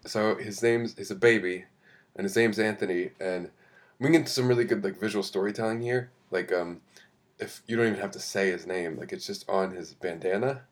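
A man's voice: fairly low pitch, fairly quick. A man in an improvised comedy chat with a laid-back, dry way of talking, eating cereal as he speaks.

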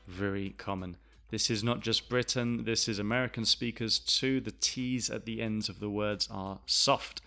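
A male English teacher explaining pronunciation, slow and deliberate, repeating phrases to demonstrate them. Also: on the low side, pushed and bright, soft background music. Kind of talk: language lesson explanation.

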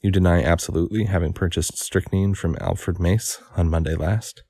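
A man reading the questions of a stern, sharp coroner. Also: deep voice, fairly even intonation, normal speed, breathy edge.

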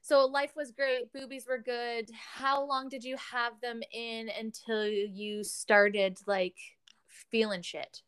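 A woman's voice: fairly high pitch, little pitch movement, slow, hardly any pauses, a bit bright, clear, resonant tone. A woman in her thirties hosting a casual podcast chat, talkative, laughing often and swearing freely. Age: 30s. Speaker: podcast host.

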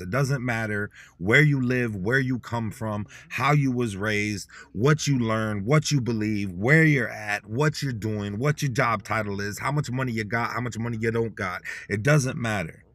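A podcast host with a medium-pitched, slightly bright voice teaches Dakota words, keeping things casual, motivational, blunt and slangy. He repeats words slowly so listeners can say them along with him, and the recording is dry.

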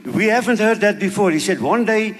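An older man with a South African accent giving an earnest, halting personal testimony as a sermon, often repeating words. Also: high voice, expressive. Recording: long reverb of a hall.

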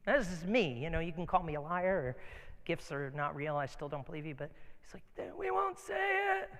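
A man preaching a sermon as pastor, telling stories in a casual, animated way in a church. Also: fairly high pitch, fairly quick, big-room sound.

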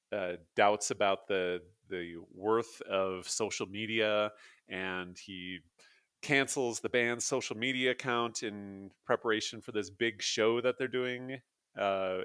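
A chatty man co-hosts a casual podcast, rambling loosely and laughing often. His voice sits fairly low, and the recording is close and dry. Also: a bit bright, clear, resonant tone, dry recording. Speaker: podcast co-host. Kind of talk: casual chat.

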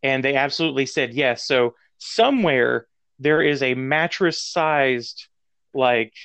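A man's voice: medium pitch, expressive, a little slow, creaky, a bit bright, clean tone, dry recording. A man in casual podcast chat, rambling with lots of fillers and laughing. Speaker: podcast co-host.

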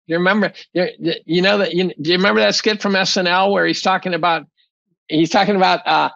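A gravelly man with a slightly high voice talks through an interview bluntly, swearing and restarting his sentences as he goes. The sound is dull and dry. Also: steady tone, fairly quick, fairly bright tone, no room sound. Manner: blunt, profane, rambling with many restarts. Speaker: guest, chemistry professor. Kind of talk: casual interview talk.

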